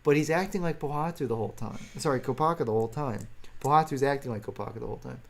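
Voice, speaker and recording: A man's voice: medium pitch, racing, creaky. A man streaming live, answering viewer chat in a rambling, self-deprecating way and chuckling often.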